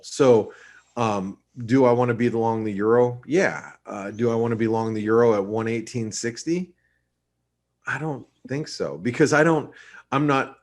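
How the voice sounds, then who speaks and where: A man giving casual, rambling market commentary on a webinar, with many restarts and fillers. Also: lowish voice. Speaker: market analyst co-host.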